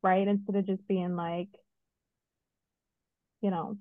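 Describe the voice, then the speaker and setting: A middle-aged woman co-hosting a podcast, telling a personal story in a casual, lively way with many asides. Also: medium pitch, takes it slowly, dry recording. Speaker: podcast co-host. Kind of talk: casual chat. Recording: dry, phone-like narrow sound.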